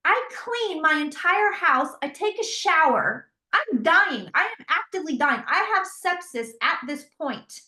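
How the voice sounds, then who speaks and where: Woman guest, animated storyteller, high voice, echoey room. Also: measured pace, hardly any pauses. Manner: animated, quotes herself in dialogue. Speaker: guest, psychic tarot reader. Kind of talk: storytelling in a casual interview. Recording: roomy echo.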